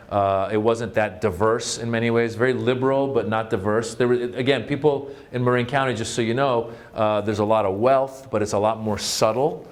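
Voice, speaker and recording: Chatty self-mocking male storyteller. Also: medium pitch. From Northern California. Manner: chatty, self-mocking, full of fillers and restarts. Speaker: author and comedian giving a talk. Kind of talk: humorous storytelling talk.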